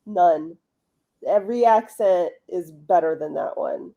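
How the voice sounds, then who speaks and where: A woman's voice: fairly low pitch, unhurried, dark tone, dull audio. A woman hosting a casual livestream chat, blunt, profane and joking. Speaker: host.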